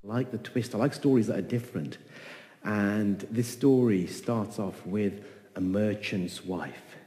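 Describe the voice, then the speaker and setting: Guy telling an old folk tale, animated, repeats stuff, lots of hall reverb. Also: on the low side, a little slow. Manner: animated, voices characters, repeats phrases. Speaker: storyteller. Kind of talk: oral folk-tale storytelling.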